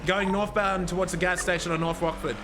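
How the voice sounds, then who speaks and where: A man streaming a police role-play game, talking excitedly and rambling with swearing and frequent restarts. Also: high voice, fairly quick, noisy background. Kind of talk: live-streamed gameplay commentary.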